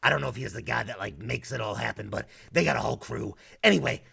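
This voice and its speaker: YouTuber, man from North Carolina, Southern accent, raspy fry-heavy voice, crude casual commentary. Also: mid-range voice, quick pace, bright, forceful tone. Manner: crude, profane and blunt.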